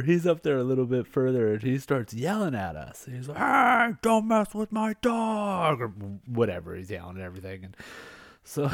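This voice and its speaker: A man's voice: on the low side, no room sound, studio quality. A middle-aged man, a former firefighter, telling a story in a casual, rambling way, full of fillers and chuckles at his own tale. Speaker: podcast host, former firefighter.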